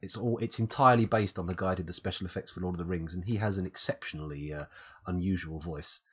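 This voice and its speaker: A man's voice: low voice, fast talker, a bit bright, breathy edge. A British man with a cold, thinking aloud as he streams live gameplay commentary and muses over his options. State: has a cold, coughing.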